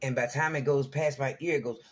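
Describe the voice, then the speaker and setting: A man's voice: mid-range voice, steady tone, fast. A middle-aged man telling a personal story to camera in a casual, rambling way, often checking in with his listeners. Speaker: vlogger.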